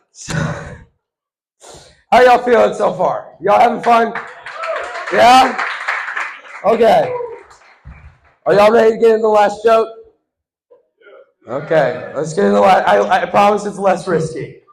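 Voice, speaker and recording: A man telling a stand-up comedy story to a live audience, swinging from loud crowd-work to hushed asides. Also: on the high side. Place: stage in front of a live audience. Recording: echoey room.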